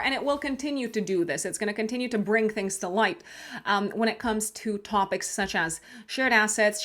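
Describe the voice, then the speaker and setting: Chatty woman astrologer, lots of fillers. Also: medium pitch. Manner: chatty, many fillers and restarts, laughs at herself. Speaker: astrologer host. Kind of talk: casual horoscope monologue.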